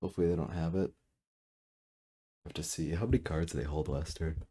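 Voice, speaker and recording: A man commentating his own game at his computer, thinking out loud, correcting himself and trailing off with fillers, seated a little back from a desk mic. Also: rumbling low, steady tone, breathy edge. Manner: musing, self-correcting, halting with fillers. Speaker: gameplay commentator. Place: room at a computer. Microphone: desk mic, sitting back from it.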